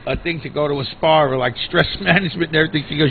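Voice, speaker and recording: Laughing man with a high gravelly voice. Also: quick pace. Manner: laughs often while telling stories. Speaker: radio show regular. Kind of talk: casual talk radio banter. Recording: phone-like radio broadcast.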